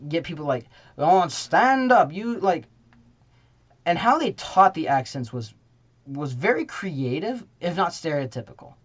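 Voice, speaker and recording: Young male reviewer, slightly high voice, rambling and self-correcting, muffled lo-fi audio. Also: fairly bright tone. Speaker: theater reviewer. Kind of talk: casual spoken review. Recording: dull lo-fi sound.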